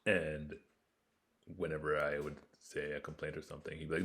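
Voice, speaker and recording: A man with an extremely low, deep voice talks through a casual solo podcast. He rambles candidly, trailing off into fillers as he goes. He is a host from northern Ontario, speaking at home. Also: flat delivery, moderate pace, fairly bright tone. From northern Ontario, Canada. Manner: rambling and candid, many fillers, laughs between thoughts. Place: home room with a fire crackling behind.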